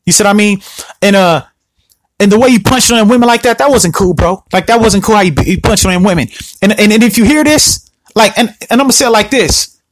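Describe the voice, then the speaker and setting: A man hosting a solo podcast, ranting in an animated, repetitive, confrontational way. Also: sits high, fairly quick, no echo. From Southern California. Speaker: podcast host.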